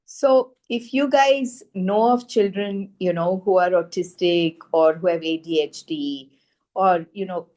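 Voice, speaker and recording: Woman, slightly low voice, earnest animated testimonial, lots of "you know". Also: unhurried. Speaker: frequency healing practitioner. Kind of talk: personal testimonial storytelling.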